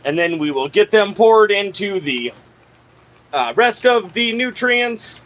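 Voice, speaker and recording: A plant-growing channel host with a high, fairly bright voice and lively intonation takes it slowly as he mixes nutrients in a grow room. He thinks aloud and curses at himself in a casual talk-along style, recorded on dull lo-fi audio with faint background noise.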